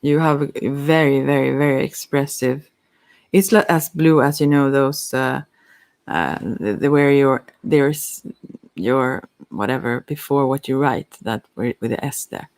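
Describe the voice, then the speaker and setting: A softspoken ASMR psychic with Swedish as a first language, giving a halting, hesitant chakra reading while teary-eyed. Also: medium pitch, creaky. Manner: halting, hesitant, with many fillers. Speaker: psychic card reader.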